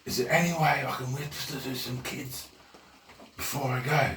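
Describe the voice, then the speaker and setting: A man voicing a sheepish sinful man who talks in a hushed, pleading way. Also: a little high, very animated, moderate pace, slight background noise. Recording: roomy echo, mic at a distance.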